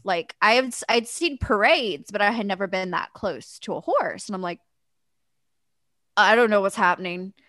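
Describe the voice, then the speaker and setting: A woman's voice: medium pitch, moderate pace, no room sound, studio quality. A woman in her thirties from the Kansas City area, telling a story in casual chat with plenty of swearing. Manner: profane, animated storyteller.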